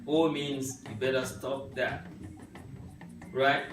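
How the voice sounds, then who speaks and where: Man, teacher, patient, checks in with "right?", slow delivery, far from mic, roomy echo. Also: mid-range voice. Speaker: Yoruba language teacher. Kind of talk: classroom teaching. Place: classroom. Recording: echoey room, mic far off, music behind.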